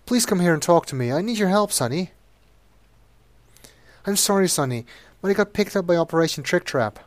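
A man doing a breathy, pleading young woman. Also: sits high, lively intonation, fairly quick, dry recording, pitched above the performer's own voice.

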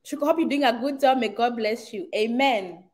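Kenyan woman, middle-aged, livestream host, slightly high voice, chatty, greets viewers by name. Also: normal speed, a little mellow. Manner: chatty, reads viewer comments aloud, mixes in Swahili. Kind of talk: casual livestream chat.

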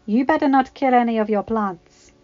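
A woman's voice: fairly high pitch, normal speed, darkish tone, no echo, lightly acted. A young older sister speaks sincerely, teasing a little, in a woman's reading. Her tone stays plain. The recording is slightly dull and lo-fi. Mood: playful.

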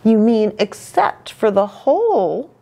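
A woman voicing a kind, gentle little fish in a children's storybook reading, very high and patient. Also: sing-song, a little slow, full character voice.

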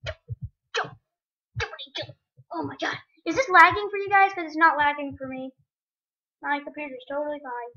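A woman giving excitable gaming commentary at her computer, talking to the game and her viewers. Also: high voice, normal speed, pauses often, dull audio. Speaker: let's play gamer. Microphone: webcam or computer mic.

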